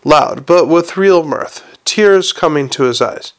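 A man reading a novel aloud in a plain, steady manner. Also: on the high side, slow pace, few pauses. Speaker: audiobook reader.

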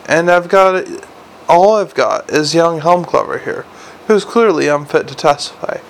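A man reading a storybook and voicing a blunt, exasperated middle-aged watch commander who bursts into shouting. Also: fairly high pitch, measured pace, gravelly, a little hiss or hum, voice pushed up, rough recording. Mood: weary, brooding. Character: gruff harried middle-aged male city watch commander.

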